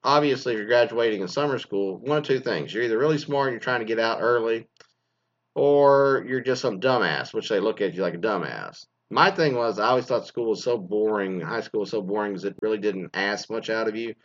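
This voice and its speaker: A man in his forties, a former teacher from Texas, ranting bluntly with constant swearing and animated storytelling. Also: on the low side, fairly quick. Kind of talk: profane ranting monologue. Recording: slightly dull lo-fi recording.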